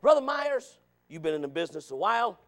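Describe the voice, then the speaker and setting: A man preaching a sermon, asking the congregation questions and calling for amens, dropping to low asides and rising to shouted points. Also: big pitch swings, quick pace. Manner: preaching with rhetorical questions and calls of amen.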